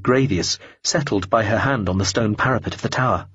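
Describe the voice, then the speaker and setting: A man narrating an audiobook in a measured, even reading, in a dull lo-fi recording. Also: on the low side, husky, no echo.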